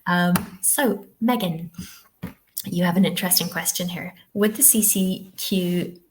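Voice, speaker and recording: A woman's voice: fairly low pitch, a little slow, a little hiss or hum. A woman from the west of Ireland, presenting a live online teacher-training webinar in a chatty, encouraging way, often checking with "okay?".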